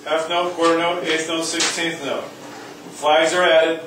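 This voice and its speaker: A man's voice: on the high side, flat delivery, slow pace, far from the mic, background noise. A man teaching a music class, joking with students and coaxing them to sing rhythms. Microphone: far from the mic. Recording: echoey room recorded from afar.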